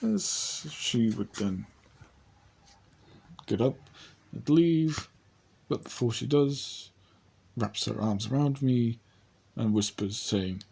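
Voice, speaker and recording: Husky young man telling a story. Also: medium pitch, warm tone. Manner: rambling, halting, acts out his own character's lines. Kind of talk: casual first-person story narration.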